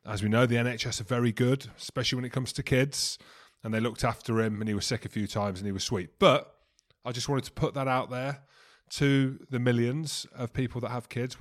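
A man chats on a podcast in an easygoing, jokey way. He rambles through family stories and now and then slips into mock German for a laugh. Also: mid-range voice. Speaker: podcast co-host. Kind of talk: casual chat.

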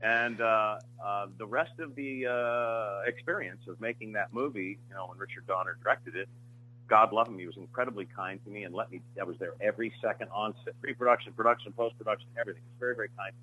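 Male screenwriter guest, forceful delivery, many restarts and fillers, muffled recording. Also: fairly low pitch, quick pace. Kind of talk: interview storytelling.

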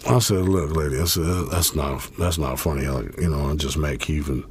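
A man's voice: rumbling low, steady tone, a little fast, a little hiss or hum. A man guest telling a long story in a laid-back, profane way, full of fillers. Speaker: interview guest. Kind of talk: casual storytelling.

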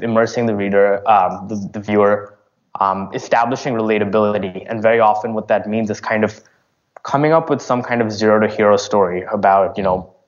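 Halting, filler-heavy man, lo-fi sound. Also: lowish voice. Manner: halting, many fillers and restarts. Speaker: startup founder. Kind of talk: casual interview answers.

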